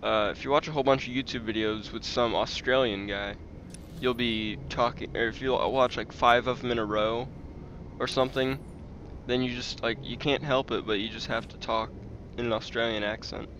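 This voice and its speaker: A man rambling through casual gameplay commentary, chatty and full of fillers. A clear steady noise runs under his voice throughout the recording. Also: medium pitch, moderate pace, muffled recording. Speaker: let's play host.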